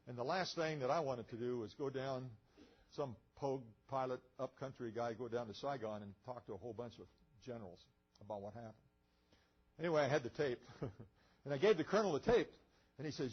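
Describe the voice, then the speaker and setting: A man's voice: mid-range voice, expressive, fast, slightly rough, muffled recording. An older man, a retired pilot, telling a story in a museum lecture. He acts out the dialogue and often chuckles. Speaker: guest speaker, retired pilot.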